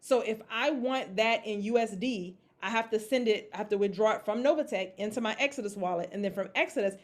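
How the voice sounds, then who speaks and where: A woman's voice: mid-range voice, a little fast. A woman giving a casual how-to talk to a group, checking in often with "okay?" and "all right?", and acting out panicked reactions now and then. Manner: acts out her own panicked reactions in a raised voice. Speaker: crypto investing presenter.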